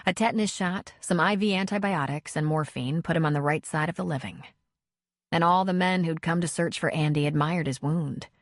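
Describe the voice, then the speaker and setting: Low-voiced woman narrating an audiobook. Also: brisk, dry recording, studio quality. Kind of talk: scripted narration.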